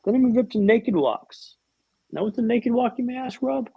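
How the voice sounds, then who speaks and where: A man telling a vivid, humorous story with dramatic pauses as a guest in a podcast interview, on a dull, lo-fi recording. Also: extremely high pitch, expressive, gravelly, husky, dry recording.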